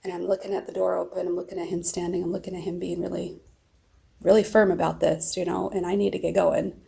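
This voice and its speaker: Woman, middle-aged, vlogger, casual storytelling, rambling, gravelly, dark mellow tone. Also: fairly low pitch, level tone, fast talker. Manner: rambling, emotional retelling.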